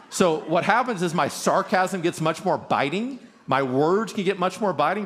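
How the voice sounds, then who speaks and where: A man's voice: fairly high pitch, expressive, fairly quick, hardly any pauses. A man speaking at a marriage conference, earnest and conversational, talking to a live audience with frequent restarts.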